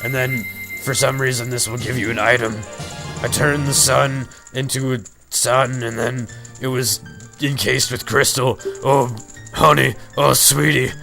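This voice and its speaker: A man's voice: mid-range voice, fairly even intonation, creaky. A man doing a campy drag-queen fairy. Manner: campy, drawn-out and theatrical. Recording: game music behind.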